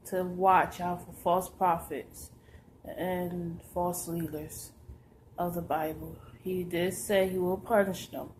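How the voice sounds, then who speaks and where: A woman giving a religious exhortation to believers, emphatic and halting, repeating phrases for stress. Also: medium pitch. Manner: halting, restarts often. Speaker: preacher.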